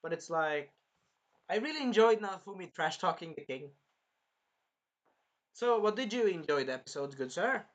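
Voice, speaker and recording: A man's voice: sits high, expressive, normal speed, pauses often, muffled recording. Rambling man reviewing an anime episode. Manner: rambling, swears casually, retells scenes in quoted voices. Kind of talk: casual episode review chat.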